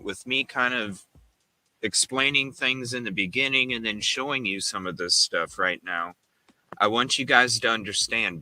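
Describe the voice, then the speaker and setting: A man's voice: lowish voice, pushed and bright, low-quality recording. A man hosting a casual live stream, talking earnestly and directly to his viewers. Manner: direct, earnest, addresses the audience with repeated checks. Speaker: host.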